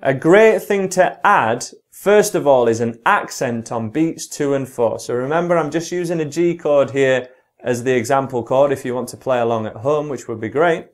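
A British man teaching guitar, explaining strumming and slowly counting the beats aloud. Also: medium pitch. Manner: counts along in a slow, drawn-out voice. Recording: guitar playing loudly behind the voice. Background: his own guitar playing.

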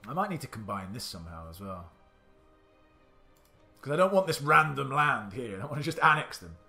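A man's voice: medium pitch, big pitch swings, normal speed, vocal fry, pushed and bright, soft background music. A man giving indecisive let's-play commentary, muttering to himself and swearing now and then. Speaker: gaming channel host.

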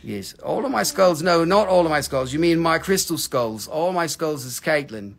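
High-voiced joking man on a live sale. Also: animated, normal speed, vocal fry. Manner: joking, playful, chatty with viewers. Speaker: host of a live rock and mineral sale. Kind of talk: casual live-stream chat.

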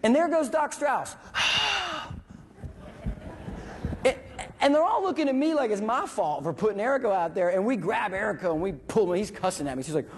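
A man and military veteran telling a story to an audience, animated and acting out dialogue and sound effects. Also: high-pitched, a little fast, a little hiss or hum. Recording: long reverb from a hall.

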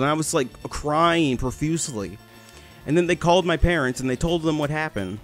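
A man's voice: a little high, expressive, normal speed, faint music behind. A young man commentating his gameplay, telling a story in a rambling, swearing way with many restarts. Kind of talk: casual storytelling over gameplay.

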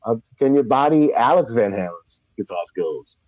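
A man's voice: mid-range voice, lively intonation, moderate pace, a crowd in the background. A man co-hosting a podcast in slangy, profane casual chat, telling stories. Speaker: podcast co-host. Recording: dry, dull lo-fi sound.

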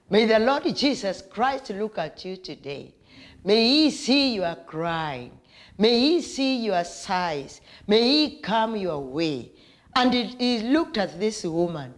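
Slow, emphatic woman preacher. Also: mid-range voice, big pitch swings. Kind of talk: sermon.

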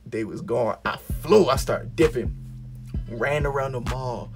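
A young man vlogger telling a story in a casual way, animated and acting out the voices he quotes. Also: medium pitch, measured pace. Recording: music playing behind the voice.

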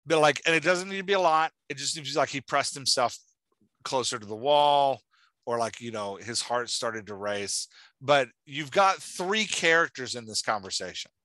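Host: man, bright and forceful tone, dry close sound, talking enthusiastically and casually with plenty of "like". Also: medium pitch, animated, normal speed, dry recording. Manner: enthusiastic, chatty, lots of "like". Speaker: podcast host giving writing feedback. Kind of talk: casual chat.

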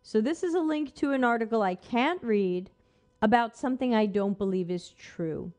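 Female host, fairly high voice, skeptical and sarcastic, live-stream commentary on an article. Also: normal speed, a little mellow. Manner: skeptical, sarcastic, talks back to the text.

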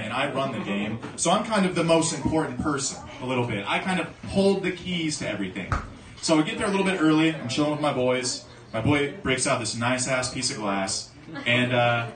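Young man, stand-up comedian, rambling and full of fillers, echoey club heard from far off, crowd laughing. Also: medium pitch. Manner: loose, rambling storytelling with lots of fillers. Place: comedy club stage at an open mic. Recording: echoey club recording from far off, audience noise. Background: audience laughing and cheering.

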